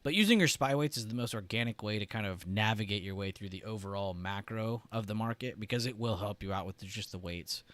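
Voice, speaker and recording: A man hosting a trading livestream, talking loosely with lots of "like" and "right?", and clearing his irritated throat often. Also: lowish voice, fairly quick, few pauses, a bit bright, no echo. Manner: loose and chatty, heavy on "like" and "right?". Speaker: trading stream host. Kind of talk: casual livestream explanation.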